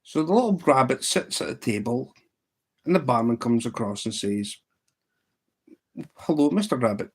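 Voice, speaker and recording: A man's voice: medium pitch, animated, normal speed, husky. A man with a Scottish accent telling long rambling jokes on a livestream, restarting lines as he goes. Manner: rambling storyteller, restarts and says "says" often. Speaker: fly tying livestreamer. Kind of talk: casual joke telling on a livestream.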